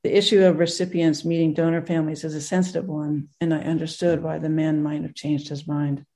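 A group teacher reading a moving story aloud in a gentle way, with pauses and restarts. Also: medium pitch, flat delivery.

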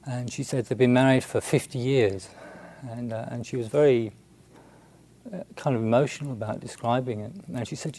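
A man, a Buddhist monk, telling a story in a halting, unhurried way with many restarts and fillers. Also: medium pitch, steady tone, mellow. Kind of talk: storytelling talk.

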